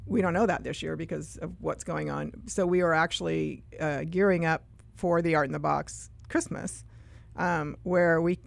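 A middle-aged woman talking as a guest on a radio show about her small business, halting and restarting her sentences. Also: sits low, fairly even intonation, creaky. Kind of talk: casual radio talk.

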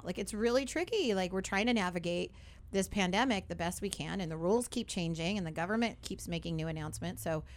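Chatty upbeat woman radio host. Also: mid-range voice. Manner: chatty, upbeat, says "right?" and "like" often. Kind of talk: casual radio talk.

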